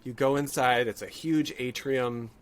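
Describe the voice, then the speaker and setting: Guest voice: man, mid pitch, casual podcast chat, thinks aloud and restarts sentences. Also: steady tone. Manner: thoughtful, halting, with frequent restarts.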